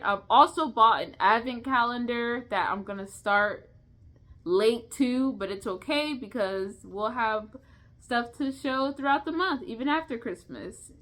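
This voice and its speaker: A woman's voice: medium pitch, fairly bright tone. A young woman chatting casually in an unscripted vlog, rambling, restarting her words and laughing often. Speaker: vlogger.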